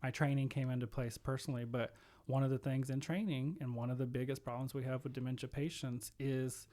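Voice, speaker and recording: A man's voice: medium pitch, level tone, a little fast, dark tone. A man guesting on a podcast, telling stories in casual conversation and acting out the voices of the people he quotes. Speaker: podcast guest, home care executive. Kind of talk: conversational storytelling.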